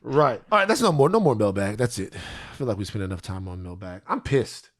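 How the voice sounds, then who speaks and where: A man co-hosting a podcast in casual chat, animated and profane, ranting with energy. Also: lowish voice, fast talker, a loud crowd. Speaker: podcast co-host.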